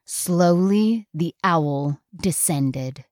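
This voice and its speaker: A woman narrating a storybook in a slow, dramatic and suspenseful way. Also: fairly low pitch, lively intonation, a little mellow, no echo.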